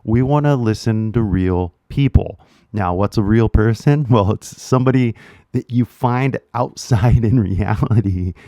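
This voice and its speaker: A man's voice: fairly low pitch, dark tone, no room sound, clean studio sound. A man with a Californian accent teaching English in a casual, slangy way, full of "like" and "right?". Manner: laid-back slangy talk with lots of "like" and "right?". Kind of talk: casual direct-to-camera lesson.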